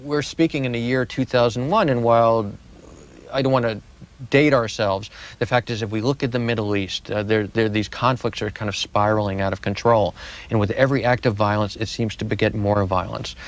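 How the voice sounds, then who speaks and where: A man's voice: fairly low pitch, steady tone, brisk. A man answering interview questions as a guest historian, telling history with vivid, dramatic repetition.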